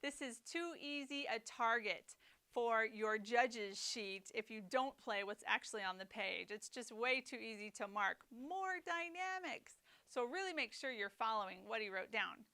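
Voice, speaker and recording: A woman teaching a snare drum etude, explaining rhythm and phrasing in a clear, methodical way. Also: on the high side, a little slow, pushed and bright. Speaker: percussion teacher. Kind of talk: instructional lesson.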